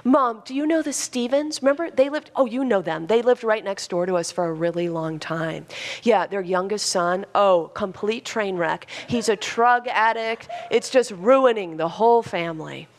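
A woman putting on a loud, fast-gossiping grown daughter. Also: medium pitch, close to an everyday voice. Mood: gossipy. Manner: loud, rapid, chattering.

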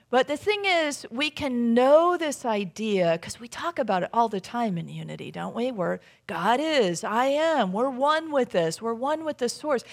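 A woman minister delivers her sermon like a conversation, telling stories and drawing the congregation in with quick tag questions. Her voice carries a steady vocal fry at a mid pitch. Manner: conversational storytelling, frequent tag questions to the audience.

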